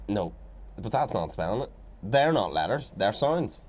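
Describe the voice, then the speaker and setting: A man's voice: lowish voice, very animated, moderate pace. A young man co-hosting a podcast, chatting casually, teasing his friend and laughing often. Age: young adult. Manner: teasing, laughs often, breaks into sung snippets. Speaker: podcast co-host. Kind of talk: casual banter.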